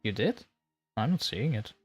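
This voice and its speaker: A man's voice: lowish voice, sing-song, moderate pace, husky, highs cut off, faint music behind. A man chatting on a live stream as host, scattered and self-mocking, laughing at his own slip-ups. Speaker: streamer, horror story narrator. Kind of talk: casual live-stream chat.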